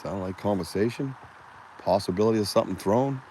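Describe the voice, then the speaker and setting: Joking deep-voiced man hosting outdoors. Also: a little fast, background noise. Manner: joking, loose banter. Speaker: podcast host. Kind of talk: casual outdoor live stream. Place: outdoors in woods by water. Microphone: phone.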